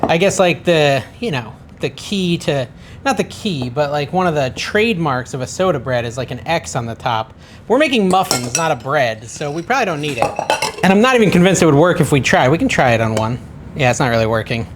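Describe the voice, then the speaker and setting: A man's voice: on the high side, animated, brisk, a little hiss or hum. A man hosting a casual home cooking vlog, chatting and thinking aloud in his kitchen with a self-deprecating manner. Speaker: cooking channel host.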